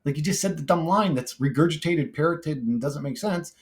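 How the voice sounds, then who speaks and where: A man's voice: on the high side, brisk. A man chatting casually on his own channel, blunt and profane, rambling with restarts as he answers viewer comments. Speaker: YouTuber reading comment replies. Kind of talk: casual monologue.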